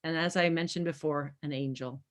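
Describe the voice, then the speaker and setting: A woman with a somewhat low voice hosts the conversation. She heaps praise on her guest in an effusive, gushing way. Her lines round off the show with thanks. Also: steady tone, brisk. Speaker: host. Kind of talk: talk show wrap-up.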